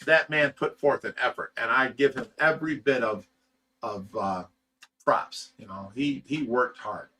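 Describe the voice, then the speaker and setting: A man's voice: mid-range voice, a little slow, sharp tone, distant mic, slight background noise. A man hosting a livestream, chatting casually and reading viewer comments in a blunt, rambling way, swearing freely. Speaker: livestream host reading chat.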